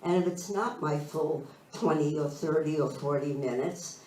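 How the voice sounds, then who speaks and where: A woman minister giving a slow, thoughtful spiritual talk, searching for her phrasing as she goes. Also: low-pitched, dark tone. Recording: roomy sound from a distant mic.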